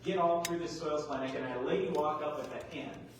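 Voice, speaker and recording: A middle-aged man giving a farm workshop talk, folksy and animated, full of rhetorical questions. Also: a little high, a little fast, background noise. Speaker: agronomy speaker. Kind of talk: workshop presentation. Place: large hall. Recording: echoey hall, mic far off.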